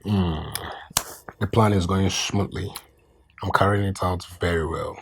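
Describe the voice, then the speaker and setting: A smug, scheming husband. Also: male voice, low voice, fairly even intonation, vocal fry, slight background noise. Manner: smug, chuckling, drawn-out. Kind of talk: film drama acting.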